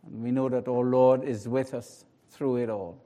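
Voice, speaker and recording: A pastor preaching a sermon, moving between a hushed, slow prayer and emphatic, rising declarations. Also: male voice, medium pitch, fairly even intonation.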